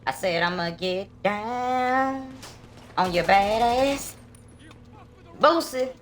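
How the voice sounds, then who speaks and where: A man on a squeaky voice changer, trash-talking. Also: extremely slow, slight background noise, heavily acted. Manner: loud crude trash talk, playful. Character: squeaky high-pitched trash-talking gamer. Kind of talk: live game streaming.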